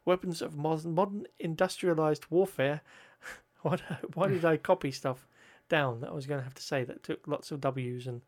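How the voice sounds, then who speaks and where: A man's voice: a little high, fairly even intonation, normal speed, hardly any pauses. A man reading history notes aloud, often stumbling over words, correcting himself and adding joking asides.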